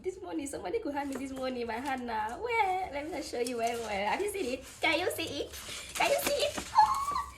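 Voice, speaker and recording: A woman hosting an unboxing vlog, talking in excitable, gushing exclamations. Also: high-pitched, fast talker, few pauses, noisy background. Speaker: vlogger.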